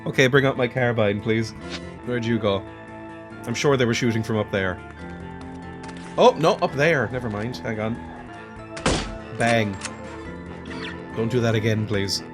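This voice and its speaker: A man's voice: mid-range voice, measured pace, long pauses, over music. A man hosting a let's play, giving casual, chatty commentary that mocks himself as he plays. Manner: chatty, self-mocking, laughs often.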